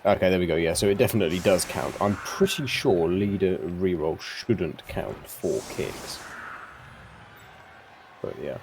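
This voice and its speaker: A man's voice: deep voice, expressive, measured pace, background noise. A young man casually commentating a tabletop sports video game live, chatty and full of fillers and repeats. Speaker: game caster.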